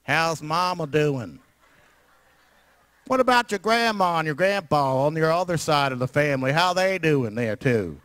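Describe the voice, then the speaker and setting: A man's voice: on the high side, lively intonation, fairly bright tone, dry recording. A man voicing an overly friendly, chatty Southern checkout talker who asks after everyone's family. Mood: nosy. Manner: drawn-out, neighborly small talk.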